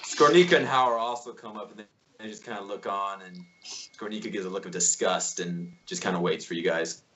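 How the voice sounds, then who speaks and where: Low-voiced man running a tabletop game. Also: a little fast, slight background noise. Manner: relaxed, laughs often. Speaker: game master. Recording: dull lo-fi sound.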